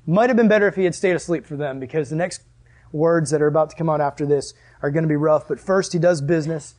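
A man preaching a sermon as a pastor, animated and joking, often laughing between points. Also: on the high side, fairly quick.

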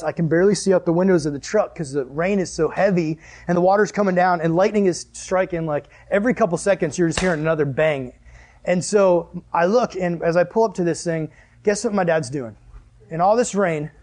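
Animated high-pitched youth pastor, a man. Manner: animated storyteller, acts out dialogue with loud exclamations. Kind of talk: youth group sermon.

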